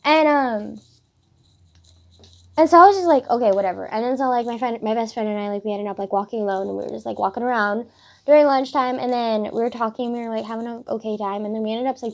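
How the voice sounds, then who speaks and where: Chatty teen girl, fast storytime ramble. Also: fairly high pitch, darkish tone. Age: teens. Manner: chatty, filler-heavy, swears a lot. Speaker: vlogger.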